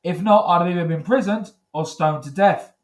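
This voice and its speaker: A man's voice: high voice, a little fast. A man doing a crude, rambling stand-up routine on a comedy club stage, talking into a handheld mic. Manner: crude, rambling, heavy on filler phrases. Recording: echoey club room.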